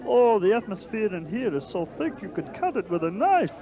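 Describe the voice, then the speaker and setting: An actor playing an excitable, gossipy onlooker in a puppet Bible story, giving breathless commentary. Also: male voice, high-pitched, normal speed, a crowd in the background. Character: excitable middle-aged male onlooker, gossipy.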